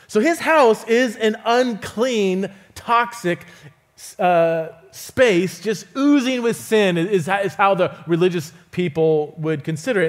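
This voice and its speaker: Animated high-voiced man preaching. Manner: animated storytelling, acts out quoted voices, chuckles often. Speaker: guest preacher. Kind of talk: sermon. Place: church auditorium.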